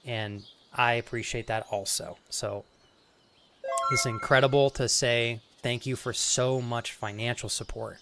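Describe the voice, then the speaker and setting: A man's voice: mid-range voice, steady tone, over music. Man on stream, fighting back tears. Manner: halting, earnest, swears often. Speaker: live streamer. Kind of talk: emotional talk to stream chat.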